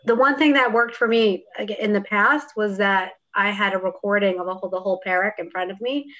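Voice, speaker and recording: A woman's voice: mid-range voice, brisk, fairly bright tone. A woman student in an online class, speaking thoughtfully and hesitantly about how she learns. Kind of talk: casual discussion. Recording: dull lo-fi audio.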